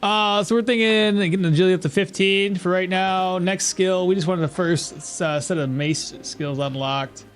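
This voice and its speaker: A man's voice: high-pitched, fairly even intonation, moderate pace, hardly any pauses, clear, resonant tone. A man streaming a game and chatting casually, joking and laughing often between rambling asides. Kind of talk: casual live gameplay commentary.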